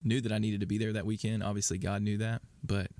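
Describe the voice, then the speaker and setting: A man's voice: lowish voice, little pitch movement, fast, dark tone, no echo, clean studio sound. A man chatting as a guest on a faith podcast, rambling with fillers and restarts as he tells stories. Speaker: worship leader and podcast guest. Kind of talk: casual conversational interview.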